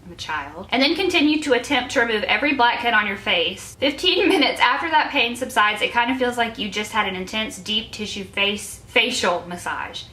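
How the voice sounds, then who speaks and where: A woman's voice: a little high, animated, a little fast, hardly any pauses, bright, forceful tone. A young woman in her twenties chatting casually as a vlogger, reading old notes aloud and giggling at herself in a self-mocking way. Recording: echoey room.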